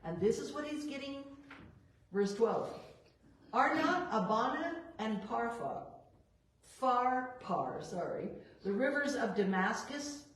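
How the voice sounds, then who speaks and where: A woman leading a Bible study, reading verses and acting out the characters' lines with lively emphasis. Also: on the high side, slow pace. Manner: expressive, acts out biblical characters in quoted dialogue. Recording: roomy echo, voice a bit far from the mic.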